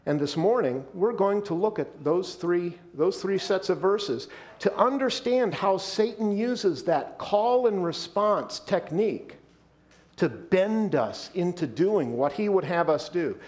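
High, lively-voiced male pastor preaching. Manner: emphatic, slows down and drops his voice to stress points. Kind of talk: sermon.

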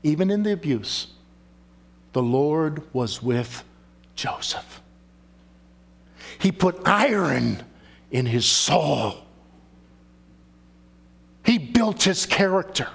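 Male preacher with a somewhat high voice, emphatic sermon delivery that questions the listeners. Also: big pitch swings, very slow, gravelly, pauses often, a bit bright, breathy edge. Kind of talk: sermon with scripture reading.

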